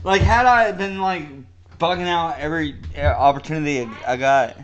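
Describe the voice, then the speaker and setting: A man's voice: fairly high pitch, fairly even intonation, normal speed, muffled recording. A young man co-hosting a podcast in casual chat, rambling and laughing often, with slightly slurred speech. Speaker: podcast co-host.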